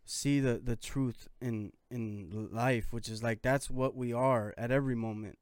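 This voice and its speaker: A man's voice: mid-range voice, fairly even intonation, unhurried, clean tone, no echo, studio quality. A man hosting a podcast, musing thoughtfully in a loose, casual way. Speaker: podcast host. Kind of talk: reflective casual chat.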